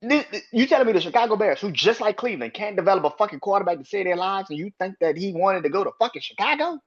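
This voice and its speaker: A man's voice: high-pitched, big pitch swings, fast, lo-fi sound. A man hosting a solo sports podcast, ranting with heated profanity and arguing back at imagined critics. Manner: emphatic, argues with imagined critics.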